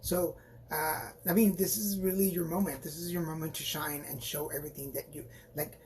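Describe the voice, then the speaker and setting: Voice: medium pitch, flat delivery, fairly quick, warm tone, breathy edge. Chatty, rambling tarot reader on a phone mic. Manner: chatty and rambling, with frequent restarts and playful asides; encouraging and reassuring toward viewers. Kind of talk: live-stream tarot reading.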